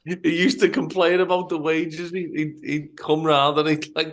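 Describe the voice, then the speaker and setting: A man from Liverpool with a Liverpool accent, telling a profane, animated story on a casual podcast. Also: on the high side, moderate pace, a little hiss or hum. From Liverpool, England. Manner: profane, animated anecdote-telling with stammered restarts. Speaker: podcast host.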